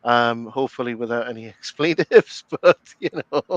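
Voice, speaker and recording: A middle-aged man from the North East of England speaks with a Geordie accent in a relaxed podcast chat. His voice is smooth and resonant, and the mic sits close in a dry space. He fills pauses with ums and restarts and often breaks into laughter. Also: medium pitch, no room sound, muffled recording. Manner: chatty, laughs often, many fillers and restarts. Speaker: commentary podcast host. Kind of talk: casual chat.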